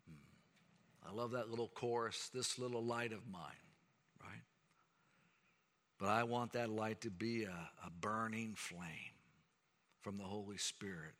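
A man's voice: on the low side, pushed and bright. A middle-aged man preaching a sermon in an earnest, emphatic way. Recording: long reverb of a large hall.

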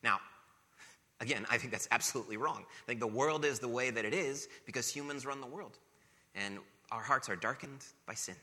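A man's voice: medium pitch, a little fast, pushed and bright. A man preaching a sermon as pastor, earnest and emphatic, building points through rhetorical questions and repetition. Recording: long reverb of a large hall.

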